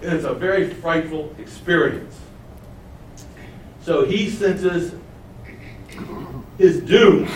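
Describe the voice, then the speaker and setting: A man teaches a Bible study lesson, his voice sitting a little high for a man. He keeps asking his listeners questions and then answers them himself. He is recorded from some distance in an echoey room, with faint room noise behind. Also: slow pace, pauses often. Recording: roomy, mic at a distance.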